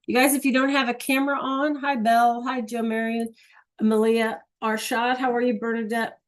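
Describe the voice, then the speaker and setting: A woman's voice: fairly high pitch, level tone, normal speed. Chatty woman teaching on a video call. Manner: chatty, encouraging, frequent "right?" checks. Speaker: Spanish teacher. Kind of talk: online class teaching.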